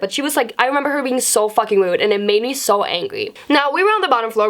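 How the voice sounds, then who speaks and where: A young woman vlogger telling a casual, profane story from school in a chatty, animated way. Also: fairly high pitch.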